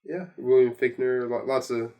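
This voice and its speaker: A man's voice: medium pitch, steady tone, warm tone. A man co-hosting a podcast, chatting casually about sports movies and retelling scenes with laughter. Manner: fast, laughing storyteller acting out quotes. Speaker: podcast co-host.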